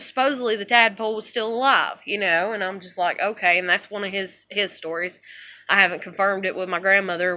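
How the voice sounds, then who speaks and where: A woman in her thirties telling rambling, profane stories in a casual monologue, dropping to low mutters and rising to loud outbursts. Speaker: vlogger.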